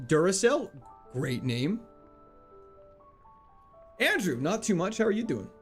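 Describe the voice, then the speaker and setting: Casual live gameplay commentary comes from a man who reads chat aloud, jokes playfully, and laughs often. His slightly high voice has huge pitch swings, a slow pace, and long pauses, with faint music in the background.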